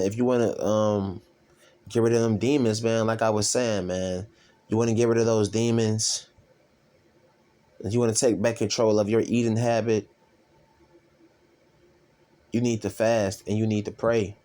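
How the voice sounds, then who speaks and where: A man casually reading and commenting on scripture as a self-styled preacher, rambling and profane, with drawn-out fillers. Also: lowish voice, little pitch movement, dark tone.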